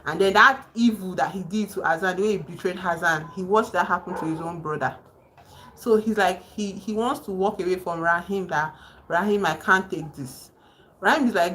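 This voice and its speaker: A woman hosting a casual livestream, excitedly retelling a novel's plot with emphatic outbursts. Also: on the low side, moderate pace, slight background noise, low-quality recording. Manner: excited, emphatic storytelling with sudden exclamations. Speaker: livestream host. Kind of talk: casual livestream chat about a book. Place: home.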